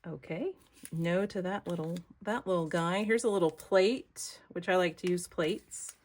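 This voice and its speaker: Slow, chatty American woman crafting. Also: lowish voice. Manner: chatty, thinks aloud, talks to viewers as y'all. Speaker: craft vlogger. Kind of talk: casual crafting chat to camera.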